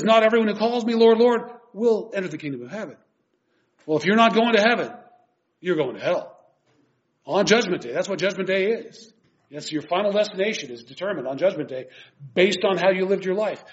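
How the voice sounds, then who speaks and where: A man delivers an earnest, emphatic sermon in a fairly high voice. He explains scripture point by point. The recording sounds dull and lo-fi. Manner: earnest, emphatic preaching, reading scripture aloud. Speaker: preacher.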